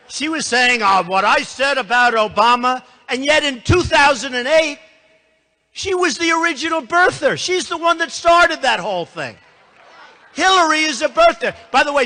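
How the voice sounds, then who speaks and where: An older man delivering a campaign speech in a big reverberant hall, his pitch high and swinging widely as he boasts and repeats himself. His tone is bright and forceful, with quick conversational asides to the crowd. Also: very animated. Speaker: political candidate. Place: large hall before a live audience.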